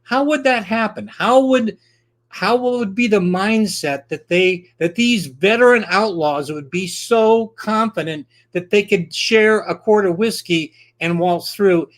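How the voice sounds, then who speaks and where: A man's voice: sits high, measured pace, few pauses. Rambling, filler-heavy male storyteller. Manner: rambling, with frequent filler words and restarts. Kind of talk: casual historical storytelling.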